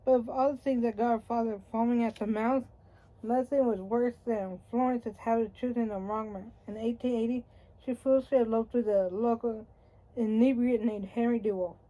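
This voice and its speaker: A woman reads a history book aloud in a wry, conversational way and sometimes trips over a word and starts again. Her voice is mellow and warm, and it sits a little on the high side. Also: rough recording. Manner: wry, conversational reading with occasional slips and restarts. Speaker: audiobook reader. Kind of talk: reading a nonfiction book aloud.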